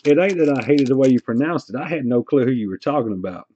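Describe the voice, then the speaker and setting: A man's voice: mid-range voice, lively intonation, quick pace, warm tone, no room sound. Joking man hosting a stream. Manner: joking, teasing storyteller. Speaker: card break host. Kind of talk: casual livestream chat. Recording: dull, slightly noisy stream audio.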